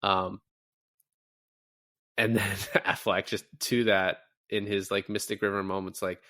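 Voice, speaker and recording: A man co-hosting a podcast, casually reviewing a film and retelling its scenes with animated, profane enthusiasm. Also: lowish voice, measured pace, long pauses, no echo, clean studio sound. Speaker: podcast co-host. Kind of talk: casual movie review chat.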